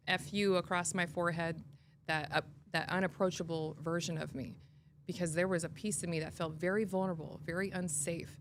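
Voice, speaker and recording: A woman's voice: fairly low pitch, slight background noise. A woman hosting a podcast, talking in an earnest, reflective way and often restarting her sentences. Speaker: podcast host. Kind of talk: casual conversational interview.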